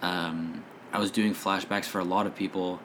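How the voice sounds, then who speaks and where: A man who runs a tabletop game, talking in a relaxed, rambling way with lots of fillers. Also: low-pitched, normal speed, slight background noise. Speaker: dungeon master. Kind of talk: casual podcast chat.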